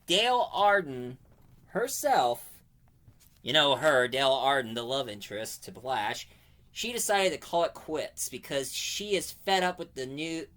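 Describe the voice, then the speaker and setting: A man's voice: fairly high pitch, fairly bright tone. A man giving a casual spoken comic book review, rambling and digressive, often stopping to correct himself mid-sentence.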